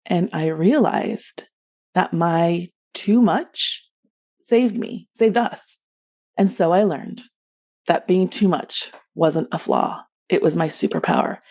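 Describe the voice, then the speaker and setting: An adult woman telling a rehearsed personal story as a podcast guest, expressive and loud when acting out yells. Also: on the low side, a little slow.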